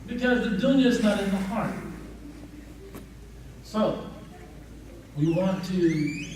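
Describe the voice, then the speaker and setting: High-voiced male teacher in echoey hall. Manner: lively colloquial storytelling, addresses the audience directly. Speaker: Islamic teacher. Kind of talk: lecture with storytelling. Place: mosque or Islamic center hall. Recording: echoey hall, mic far off, faint noise.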